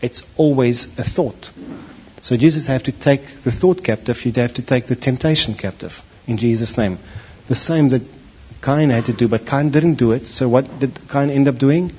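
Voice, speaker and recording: A man preaching a sermon, animated, acting out the voices of the people in his stories. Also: medium pitch, moderate pace, husky. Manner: animated, acts out voices of biblical figures. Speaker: pastor. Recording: dull lo-fi recording.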